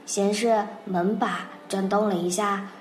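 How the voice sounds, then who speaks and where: A woman's voice: mid-range voice, fairly even intonation, a little slow, a little hiss or hum. A Mandarin-native woman telling a children's story and explaining English words, patient and repeating phrases. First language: Mandarin Chinese. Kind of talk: bilingual storytelling lesson. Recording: roomy recording, faint music.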